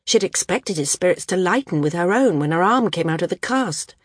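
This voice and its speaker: A woman narrating an audiobook in a calm, even storytelling manner. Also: fairly low pitch, a little fast. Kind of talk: scripted narration.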